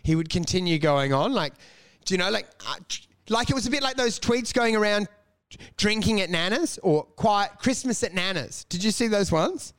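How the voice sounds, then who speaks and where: A man's voice: high-pitched, lively intonation, moderate pace, fairly bright tone, clean tone. A man co-hosting a comedy podcast, teasing his co-host, laughing often and swearing freely. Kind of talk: casual comedy podcast banter.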